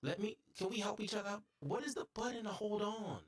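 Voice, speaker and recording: Excitable husky man streaming a game. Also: brisk. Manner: excitable, jokey, breaks into bits of song and sudden high-pitched yelps. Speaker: gaming streamer. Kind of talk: live gameplay commentary.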